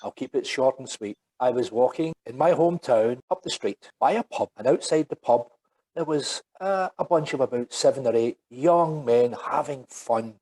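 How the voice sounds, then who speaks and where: A man's voice: medium pitch, normal speed, dark tone, low-quality recording. A Scottish man in his seventies, a podcast guest telling a story in a reflective, step-by-step way and checking in with his listener. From Scotland. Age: 70s. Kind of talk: conversational storytelling.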